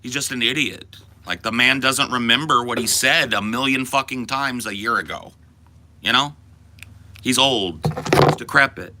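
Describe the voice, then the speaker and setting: A man's voice: mid-range voice, normal speed, noisy background. A man and podcast host in a profane, exaggerated comedic rant that swings into mock panic.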